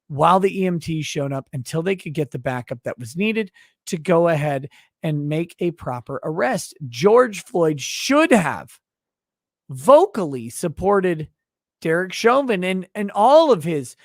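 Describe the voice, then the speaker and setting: Heated high-voiced male commentator. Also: very animated, unhurried, no room sound, clean studio sound. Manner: heated, sarcastic, profane. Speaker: commentator reacting to a hearing. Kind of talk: angry profane commentary.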